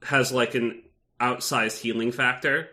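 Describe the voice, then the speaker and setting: A man's voice: medium pitch, fairly even intonation, a little slow, sharp tone. A man co-hosting a podcast in casual chat, rambling with many restarts and some swearing. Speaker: podcast co-host.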